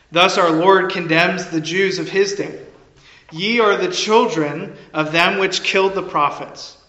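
A high, bright male voice delivering a sermon with earnest, measured gravity. The sound is echoey and a little dull, as if recorded in a reverberant room. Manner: measured, earnest, with occasional restarts. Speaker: preacher.

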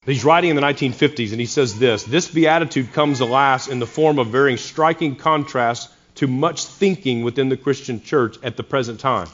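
A man's voice: mid-range voice, muffled recording. A man preaching a sermon, earnest, with wry sarcastic asides to his congregation. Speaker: pastor.

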